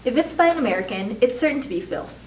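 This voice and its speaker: A woman's voice: fairly high pitch, expressive, fast, a little mellow, a little hiss or hum, natural voice. Woman reader as a scornful, barking father; roomy, distant sound. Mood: angry. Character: bullying, jealous middle-aged father. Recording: roomy echo, distant mic.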